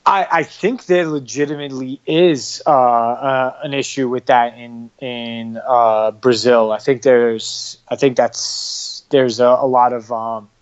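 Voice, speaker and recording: A man's voice: medium pitch, fairly even intonation, smooth. Guy on a podcast, keeps stumbling over his words, kinda muffled lo-fi sound. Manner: halting, stammers and repeats words. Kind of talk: casual podcast chat.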